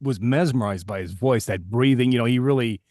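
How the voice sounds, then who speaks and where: A man's voice: medium pitch, fairly quick, a little mellow, no room sound. Rambling male livestream host, dry sound. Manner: rambling, with many restarts and self-deprecating asides. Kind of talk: casual storytelling on a live stream.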